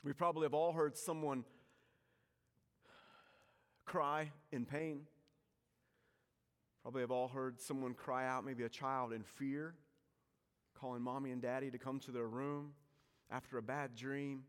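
A pastor giving a sermon in a church, telling stories with self-mocking humor, shifting from loud to hushed. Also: male voice, medium pitch, fairly even intonation, unhurried, pauses often, smooth, big-room sound. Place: church sanctuary.

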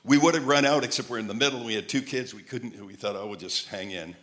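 Animated male preacher telling stories. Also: mid-range voice, quick pace. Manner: animated storyteller, repeats phrases in a chant. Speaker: traveling preacher. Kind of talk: sermon with storytelling.

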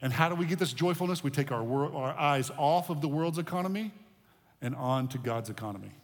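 A man preaching a sermon with a slightly higher voice. He talks in a loose, conversational way, often repeating words and restarting phrases. His voice rings with the long reverb of a large hall. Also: expressive, fairly quick. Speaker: pastor.

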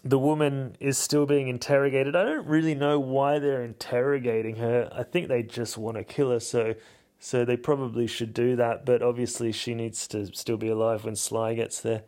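A man talks through a film alone as a podcast host, rambling and wry, and he pokes fun at himself along the way. His pitch sits in an ordinary middle range, and his talk is loose and casual. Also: flat delivery, moderate pace, a little mellow. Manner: rambling, wry and self-mocking, chuckling asides. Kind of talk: casual solo film commentary.

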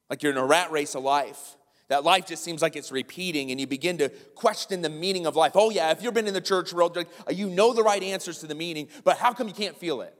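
High-voiced man preaching in a reverberant hall. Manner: emphatic, repeats key lines for effect. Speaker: pastor. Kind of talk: sermon. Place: large church sanctuary.

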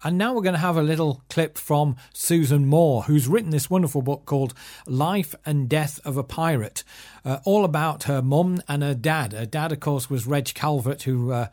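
Podcast host, male: fairly high voice, casual, hesitant delivery. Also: normal speed, a little mellow. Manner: friendly, loose, hesitant with fillers. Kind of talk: podcast introduction.

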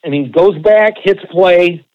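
A man co-hosting a podcast, telling a long, animated, profane anecdote in a casual way. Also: sits high, slow, dull audio, background noise. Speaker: podcast co-host. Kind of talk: casual storytelling.

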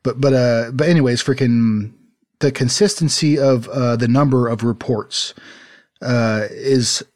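This man co-hosts a casual podcast from a desert-city home, his mid-range voice darkish in tone and measured in pace. He chats loosely, laughing easily and leaning on fillers and restarts.

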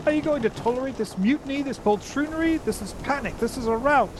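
A man's voice: extremely high pitch, fast, background noise, pitched above the performer's own voice. A man reading aloud and voicing a valiant, proud male talking mouse knight with a grand, formal manner. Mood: indignant.

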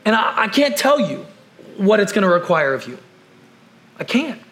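A man preaching a conversational sermon, repeating key phrases and firing off rhetorical questions, then dropping to quiet, slow emphasis. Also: sits high, very animated, soft background music. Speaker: pastor.

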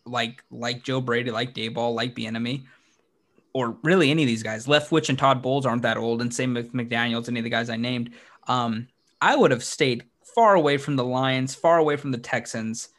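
Animated man on a sports podcast. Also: moderate pace. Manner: animated, jumps up in pitch when excited, laughs often. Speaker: podcast co-host. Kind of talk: casual sports podcast chat.

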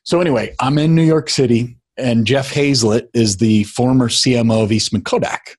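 A middle-aged man recounting a turning point in a relaxed interview. His voice is husky and a little breathy, and he slips into animated impressions of the people he quotes. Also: medium pitch, moderate pace. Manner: animated storyteller, acts out quotes. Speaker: guest. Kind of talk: casual storytelling chat.

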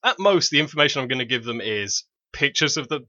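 A man's voice: medium pitch, expressive, quick pace, pushed and bright, no room sound, lo-fi sound. A man hosting a casual podcast chat, explaining with enthusiasm and laughing often. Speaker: podcast host.

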